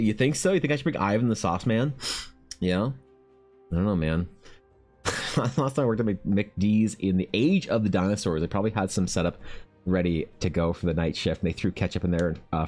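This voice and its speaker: A man's voice: deep voice, darkish tone. A man streaming while he draws, chatting casually with viewers in a rambling, profane, joking way. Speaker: art streamer. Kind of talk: casual live-stream chat. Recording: faint background music.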